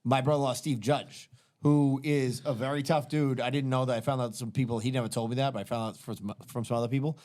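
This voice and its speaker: A man's voice: medium pitch, steady tone, fast, a little mellow. A man hosting a podcast, rambling in casual profane banter with lots of fillers. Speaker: podcast host.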